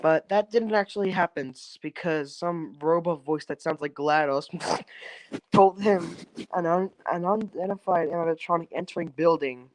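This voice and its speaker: A man's voice: on the high side, moderate pace, poor audio. Rambling young man retelling fan lore. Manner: hesitant, full of restarts and "um"s, loose and swearing. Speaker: storyteller on a stream call. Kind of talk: rambling casual story retelling. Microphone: phone on an online call.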